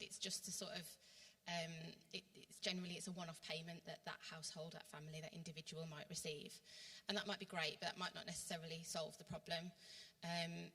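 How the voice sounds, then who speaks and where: A woman with a West Midlands English accent, working for the council, gives an earnest workshop presentation in a church hall, full of ums and restarts. Her voice is fairly low and a bit bright, and the hall adds a long reverb.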